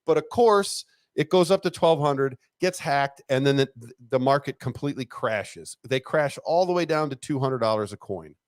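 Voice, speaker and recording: A middle-aged man, a retired police detective and interview guest, telling a story in a casual, animated way, laughing often and swearing freely. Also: medium pitch, moderate pace, few pauses, no room sound, clean studio sound.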